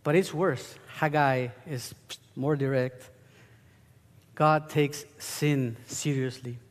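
A man's voice: mid-range voice, fairly even intonation, slow. A man preaching a sermon, teaching earnestly and rising into emphatic bursts. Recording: long hall reverb.

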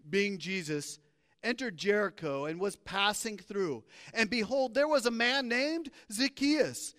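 A man preaching a sermon in a church, reading scripture aloud and telling the story with playful, animated asides. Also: high-pitched. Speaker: pastor. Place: church sanctuary. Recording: long hall reverb.

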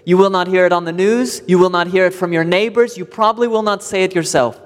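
A man preaching a sermon to his church, emphatic and deliberate, repeating key words for weight. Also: sits high, big-room sound. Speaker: pastor. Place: church sanctuary.

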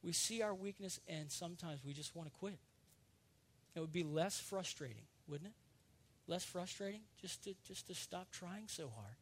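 A man with a fairly high voice delivers a sermon to his congregation. He speaks earnestly and confessionally, repeating words as he gathers his thoughts, then presses into fervent, ringing emphasis. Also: lively intonation, moderate pace, fairly bright tone, slightly rough. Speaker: pastor.

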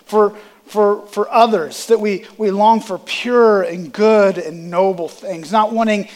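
A man's voice: high-pitched, steady tone, slow pace, darkish tone. A man preaching a sermon, calling out to his congregation with rising emphasis. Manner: preaching with rising emphasis and audience call-and-response.

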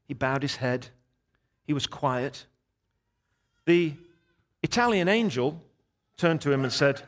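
A middle-aged man preaching as a guest, telling a story in a lively, animated way and voicing the people in it. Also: on the high side. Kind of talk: sermon storytelling.

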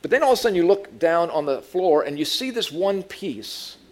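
A man's voice: high voice, lively intonation, normal speed, a little mellow. A man giving a conversational sermon as a Bible teacher, telling humorous stories and asking the audience questions.

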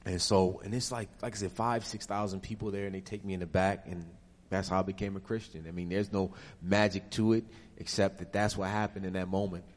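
A man giving an emotional, animated personal testimony and answering questions as a guest in a church. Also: low voice, brisk, long reverb tail.

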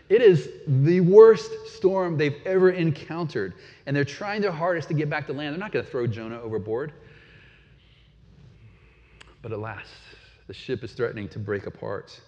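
A man's voice: fairly high pitch, animated, moderate pace, dark tone. A man preaching a sermon in a conversational way, often asking his listeners questions. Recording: dull sound with long hall reverb.

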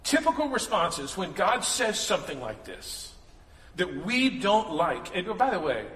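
A man preaching to a congregation, bright and tense in tone and high in pitch, speaking conversationally and slipping into quoted voices for comic effect. His voice rings around a large hall with a long, roomy reverb. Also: very animated, unhurried. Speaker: pastor. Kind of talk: sermon.

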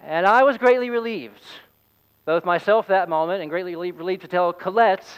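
A man's voice: sits high, brisk, smooth, muffled recording. A man, a pastor, preaching a sermon in a conversational, storytelling way. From United States.

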